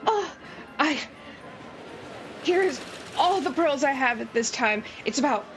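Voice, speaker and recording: A woman voicing a weepy, grateful mermaid who gushes in a high, sing-song voice. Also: animated, slow. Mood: bubbly. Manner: gushing, teary, sing-song. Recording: background music.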